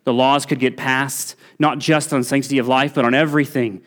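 Man, pastor, church sermon, earnest, emphatic, mid pitch. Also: steady tone, a little fast, fairly bright tone. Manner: earnest preaching, rising emphasis on key points, occasional restarts. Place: church sanctuary.

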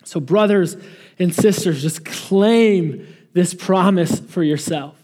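A man preaching a sermon, earnest and emphatic, slowing down to stress key phrases. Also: high voice, a little mellow. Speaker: pastor.

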